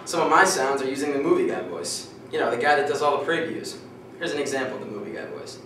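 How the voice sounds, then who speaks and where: A young man giving a prepared class speech, reading steadily and clearing his throat now and then. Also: medium pitch, fast, fairly bright tone, slight background noise. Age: young adult. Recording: echoey classroom from far off.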